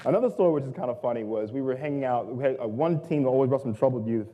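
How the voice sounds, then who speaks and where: A young adult man giving a humorous storytelling talk, self-mocking and lively, acting out the people in his stories. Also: mid-range voice, very fast, highs cut off. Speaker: guest speaker. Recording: long hall reverb.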